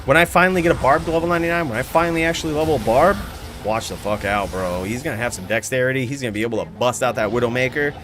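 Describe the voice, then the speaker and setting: A male streamer hosting a live show, talking in an excitable, rambling, profane way about the game he plays. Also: mid-range voice, racing, slight background noise. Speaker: streamer host. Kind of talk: casual live-stream chat.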